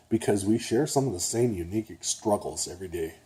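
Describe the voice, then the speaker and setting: A man's voice: fairly low pitch, expressive, normal speed, dark tone, breathy edge. An older man, a retired nurse, talking casually to camera in a rambling way, a little nasal and often checking in with "okay?". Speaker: vlogger.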